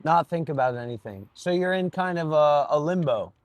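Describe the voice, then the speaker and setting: A man's voice: on the high side, lively intonation, normal speed, dry recording. Playful, exclaiming man hosting a live stream. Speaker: livestream host. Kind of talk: casual live-stream chat.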